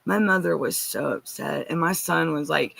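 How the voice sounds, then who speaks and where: A woman's voice: sits low, moderate pace, gravelly, a bit bright. A woman giving an earnest, rambling personal account as a guest, often restarting and turning to ask listeners directly.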